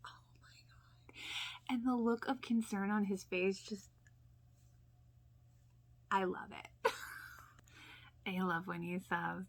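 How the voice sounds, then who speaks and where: A woman hosting a casual TV rewatch reaction, chatty and full of fillers, often sinking into soft near-whispers and laughing often. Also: mid-range voice, steady tone, slow, gravelly, long pauses. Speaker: YouTube reaction host.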